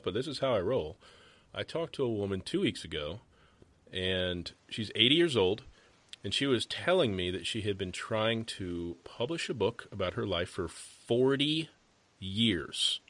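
A man's voice: lowish voice, animated, normal speed, pushed and bright, no echo. A man hosting an interview, talking in an emphatic, blunt, fired-up way. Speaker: podcast host. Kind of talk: casual interview chat.

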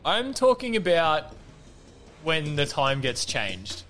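A man co-hosting a casual chat, measured and asking questions. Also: fairly high pitch, wildly swooping pitch, fairly bright tone. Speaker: podcast co-host.

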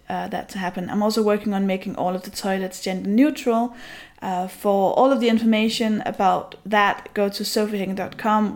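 A woman co-hosting a comedy podcast, talking in a relaxed way with filler pauses. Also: mid-range voice. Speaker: podcast co-host. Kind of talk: comedy podcast plugs and promo message.

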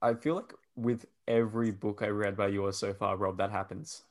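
A man with a Perth Australian accent hosting a casual podcast chat, easygoing and quick to laugh. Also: lowish voice, level tone, crowd noise. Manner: easygoing, laughs often, wraps up with summaries. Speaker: podcast host.

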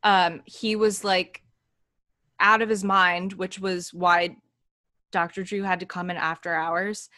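A woman co-hosts a podcast, taking her time as she spins anecdotes with animated emphasis. Her voice sits in the middle of the range and sounds dry and close to the mic. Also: lowish voice, no room sound. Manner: unhurried, animated anecdote-telling. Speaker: podcast co-host. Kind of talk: casual chat. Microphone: studio microphone.

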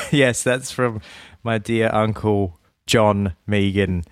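Low-voiced man, laughing chat. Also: slow pace, smooth, dry recording, clean studio sound. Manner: chatty, laughs often, repeats words. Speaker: podcast co-host. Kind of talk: casual chat.

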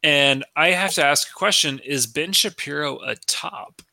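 A man co-hosting a comedy podcast with a piercingly bright, sharp voice. He talks crude and teasing, in a joking chat. The sound is dry and close. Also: on the high side, moderate pace, vocal fry, no echo. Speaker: podcast co-host.

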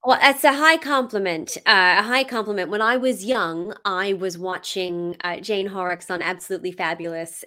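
Bright, bubbly woman guest. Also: lowish voice. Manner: animated and bubbly, laughs often. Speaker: guest performer, singer and impressionist. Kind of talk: chatty interview.

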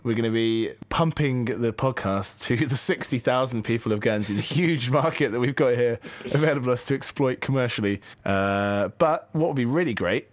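A man co-hosting a casual cricket podcast, cracking deadpan jokes. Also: mid-range voice, moderate pace, hardly any pauses. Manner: jokey, deadpan quips. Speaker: podcast co-host.

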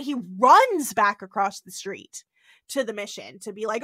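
A woman's voice: high voice, normal speed, no room sound. A young woman co-hosting a podcast, recapping an episode in a chatty way, full of "like" fillers. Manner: animated, full of "like" fillers, jumps into voices. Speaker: podcast co-host.

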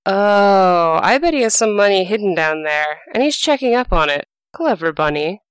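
A woman's voice: mid-range voice, lively intonation, moderate pace, clean tone, no room sound, natural voice. A woman voicing a greedy, scheming male fox in a storybook podcast, with a sly, musing, knowing delivery.

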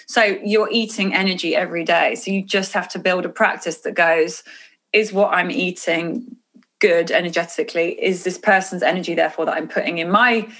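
A woman author talking casually about intuition and energy in an earnest, animated way on a podcast. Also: on the low side, a little fast. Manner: earnest, animated, drifts into quoted inner voices.

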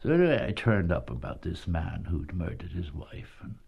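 Casual: old guy telling stage stories, husky and kinda gravelly, laughs a lot. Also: low voice, big pitch swings, moderate pace, highs cut off. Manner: chuckling raconteur, repeats "you see". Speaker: retired actor recalling touring days. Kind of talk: anecdotal storytelling.

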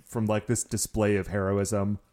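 A man's voice: on the low side, flat delivery, normal speed, dark tone. A man in casual podcast chat, recapping a TV show and fondly correcting plot details. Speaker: podcast co-host.

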